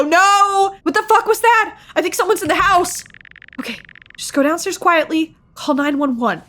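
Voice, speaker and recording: A woman streamer giving casual commentary on a horror game, excitable, swearing and shrieking. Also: very high voice, normal speed. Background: faint game music.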